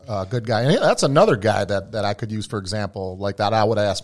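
A man hosting an interview podcast who talks in a relaxed, chatty way. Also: fairly low pitch, fast talker. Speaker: podcast host. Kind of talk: casual interview chat.

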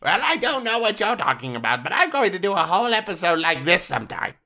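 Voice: mid-range voice, big pitch swings, quick pace, bright, forceful tone. A podcast guest voicing a bumbling old comedy wizard man over a noisy line. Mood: goofy. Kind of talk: comedic put-on voice in casual chat.

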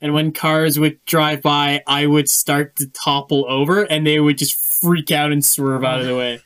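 A man's voice: fairly high pitch, little pitch movement, moderate pace, fairly bright tone, clear, resonant tone. A young man telling a rambling story in casual chat and correcting himself as he goes.

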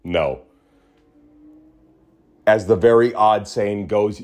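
A man hosting a podcast in a small studio, talking in an animated, ranting way that drops to low mutters. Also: slow, pauses often. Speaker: podcast host. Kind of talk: casual ranting monologue.

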